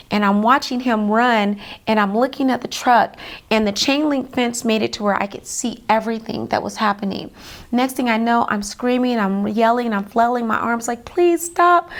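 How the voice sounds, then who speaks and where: A woman being interviewed as an author, earnestly retelling a personal story in vivid detail, with many fillers. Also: a little high.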